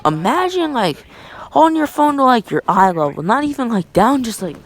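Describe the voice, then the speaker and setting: A woman's voice: a little high, very animated, moderate pace. A woman telling a casual storytime vlog, rambling with lots of fillers and slang.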